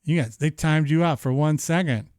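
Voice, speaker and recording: A man in his thirties hosting a live-streamed show, chatting casually in an animated, profane, rambling way. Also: a little high, moderate pace, no echo, studio quality. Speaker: livestream show host.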